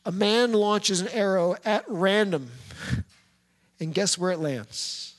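High-voiced male preacher in a hall. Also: slow. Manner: storytelling, lively retelling with quoted characters. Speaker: pastor. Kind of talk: sermon.

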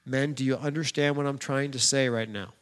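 A man's voice: mid-range voice, little pitch movement, fairly quick, fairly bright tone. A pastor preaching a sermon in a direct, plain-spoken way, speaking straight to the men in his congregation. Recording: long hall reverb.

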